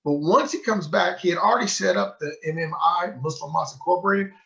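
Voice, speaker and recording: A high-pitched man with vocal fry talks at a quick pace, giving a book club talk as a sheikh. He tells the story energetically and acts out its quoted dialogue, a storytelling lecture caught on a muffled, lo-fi recording.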